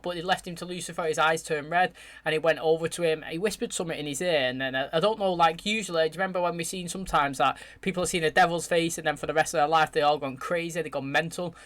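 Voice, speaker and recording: A man hosting his channel, chatting excitedly as he reacts to a show's finale and addresses his viewers directly. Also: a little high, quick pace. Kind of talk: casual reaction commentary.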